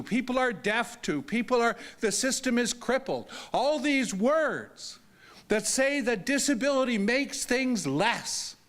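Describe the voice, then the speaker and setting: A man, a disability advocate, telling personal stories in an earnest talk, with halting restarts and an emphatic delivery. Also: a bit bright. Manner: earnest, halting restarts, pitch rising sharply when emphatic. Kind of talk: storytelling talk to an audience.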